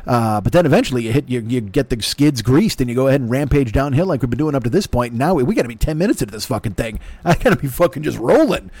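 An older man with a medium-pitched, darkish voice hosts a solo podcast, recorded with no room sound. He rambles through crude, self-mocking, profane riffs into a desk mic plugged into a laptop.

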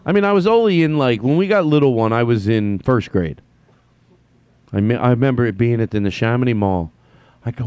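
A man's voice: medium pitch, lively intonation, fairly quick, a little mellow, smooth, no room sound. A man hosting his podcast, telling stories in a stammering, self-deprecating way. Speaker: podcast host. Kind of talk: rambling comedic monologue.

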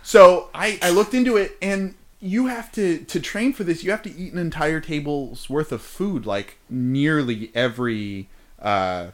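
A man's voice: on the high side, a little slow. A man with an American accent, co-hosting an improvised comedy podcast in a rambling, playful way and laughing often. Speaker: podcast co-host.

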